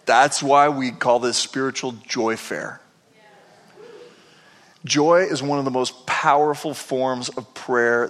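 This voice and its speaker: Animated preaching man, reverberant hall. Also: a little high. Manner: animated preaching, repeats words for emphasis. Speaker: pastor. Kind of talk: sermon storytelling.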